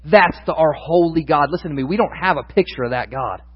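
High-voiced preacher in a reverberant hall. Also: male voice, brisk, husky. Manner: candid, thinking aloud, rising to emphatic proclamation. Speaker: pastor. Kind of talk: sermon. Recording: dull sound with long hall reverb.

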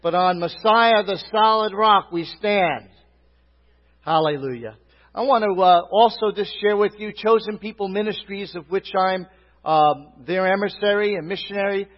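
A man's voice: sits high, normal speed. A middle-aged man with a Brooklyn accent, a rabbi and pastor preaching a folksy sermon full of fillers and calls of "Amen?". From Brooklyn, New York. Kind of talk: sermon greeting and testimony. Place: church sanctuary. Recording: reverberant hall, dull lo-fi sound.

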